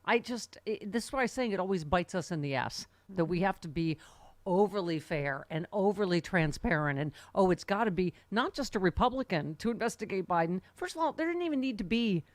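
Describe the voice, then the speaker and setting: A woman's voice: medium pitch, lively intonation, brisk, no echo. A woman talk radio host chatting about politics in an emphatic, laughing way.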